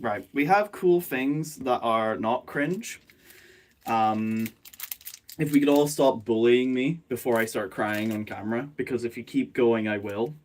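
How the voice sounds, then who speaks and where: Male streamer, unhurried, rambling self-deprecating banter into a phone mic. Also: medium pitch. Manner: self-mocking, jokey, rambling. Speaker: streamer and animator. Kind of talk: casual live stream chat. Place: his bedroom. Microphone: phone, not a proper microphone.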